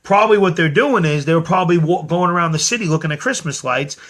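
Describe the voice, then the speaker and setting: A man's voice: fairly high pitch, fast talker, fairly bright tone. A middle-aged man telling a story in a casual, rambling monologue, earnest and full of restarts and quoted lines. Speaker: host of his own show.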